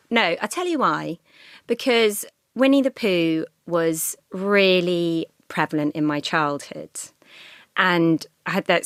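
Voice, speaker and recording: A woman's voice: lowish voice, no room sound, clean studio sound. A woman guest on a podcast, chatting in a reflective, friendly way. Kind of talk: casual chat.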